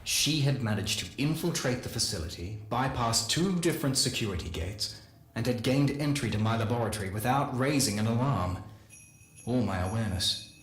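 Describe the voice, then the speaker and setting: A man giving a dramatic first-person story reading, slow and measured with deliberate pauses. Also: mid-range voice, animated. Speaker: lore reader. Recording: echoey room.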